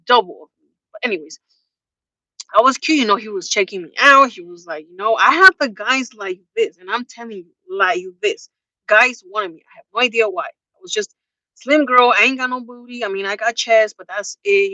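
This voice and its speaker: A woman's voice: medium pitch, bright, forceful tone, dry recording, low-quality recording. A young woman vlogging a candid personal storytime, chatty and open, spelling out swear words. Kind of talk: casual storytime.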